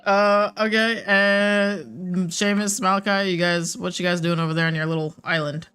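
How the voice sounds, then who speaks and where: A game master narrating a tabletop game in a relaxed, playful way with many fillers. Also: medium pitch, moderate pace, soft background music.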